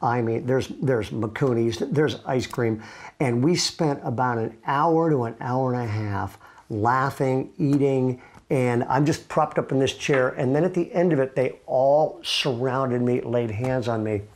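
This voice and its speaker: A man's voice: medium pitch, unhurried. Earnest middle-aged male pastor at home. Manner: earnest, conversational, with frequent restarts. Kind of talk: casual devotional talk to camera. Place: at home, seated with knee propped up.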